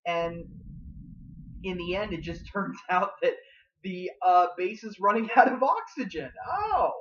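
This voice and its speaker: This casual TV episode review comes from a man whose voice is high-pitched and a bit bright, though the recording itself is dull. He wanders from point to point, packing in "like" and "you know," and breaks into rapid impressions of the characters' dialogue.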